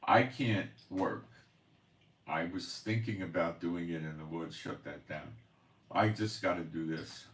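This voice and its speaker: Exasperated deep-voiced man, roomy and distant. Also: a little slow. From Israel. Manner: exasperated, complaining, sighing. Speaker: channel host, prophecy commentator. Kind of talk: rambling personal monologue. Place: home in the Galilee, Israel. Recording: roomy echo, voice off-mic.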